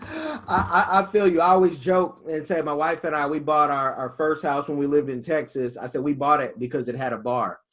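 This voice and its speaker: A man's voice: fairly high pitch, normal speed, a bit bright. A man hosting a podcast, chatting casually and backing up his guest with a short story of his own. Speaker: podcast host. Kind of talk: casual interview chat.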